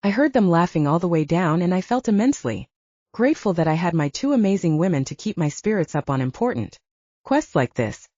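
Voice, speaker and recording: A woman narrating a first-person audiobook in a steady, even reading. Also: on the low side, no room sound, muffled recording.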